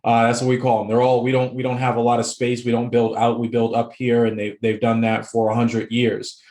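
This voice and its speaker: A laid-back man from the Boston area with a mid-range voice, talking as a podcast guest. He laughs easily and strings his thoughts together with plenty of fillers. The sound carries a clear echo of the room around him. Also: medium pitch, completely flat delivery, brisk, darkish tone. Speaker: guest, real estate investor. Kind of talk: casual interview chat.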